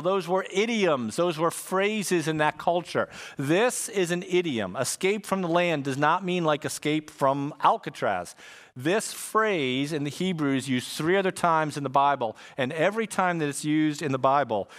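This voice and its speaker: A man's voice: a little high, fairly bright tone. A man preaching a sermon in a casual, conversational way, full of slang and asides. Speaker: pastor.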